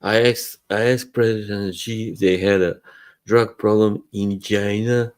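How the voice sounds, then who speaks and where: A man hosting a relaxed live stream, rambling in casual chat, chuckling often and trailing off. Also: lowish voice, unhurried.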